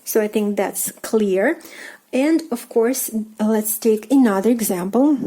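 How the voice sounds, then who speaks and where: A woman with a Russian accent teaching a language lesson, speaking slowly and carefully with many ums and uhs and repeating each example phrase. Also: a little high, dark tone, low-quality recording. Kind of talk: lesson explaining grammar while writing.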